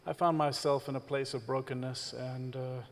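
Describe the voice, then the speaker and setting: A man with a South African accent, a visiting reverend giving a candid personal testimony during a church service, speaking in a measured way with frequent pauses. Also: mid-range voice, little pitch movement, gravelly, big-room sound. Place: church stage.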